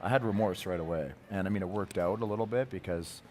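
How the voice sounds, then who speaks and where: Deep-voiced joking hockey player. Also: male voice, fast talker, a little mellow, slight background noise. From Canada. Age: 30s. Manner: joking, candid, brushes off praise. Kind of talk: TV sports talk-show interview. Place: arena broadcast set.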